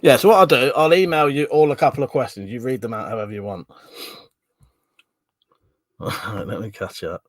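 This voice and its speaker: A man's voice: mid-range voice, a little fast, long pauses, no echo. A man hosting a casual livestream, chatty and laughing often, with plenty of swearing. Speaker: livestream host. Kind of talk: casual live chat reading comments.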